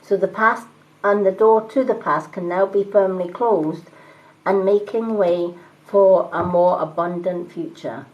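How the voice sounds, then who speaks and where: A woman doing live-stream tarot readings, talking calmly and reassuringly and greeting viewers by name. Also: medium pitch, unhurried, highs cut off. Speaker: tarot reader and medium.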